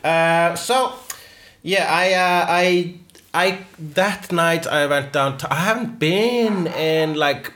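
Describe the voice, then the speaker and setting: A man telling a story in casual chat, halting and full of fillers and restarts. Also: on the high side, fairly bright tone.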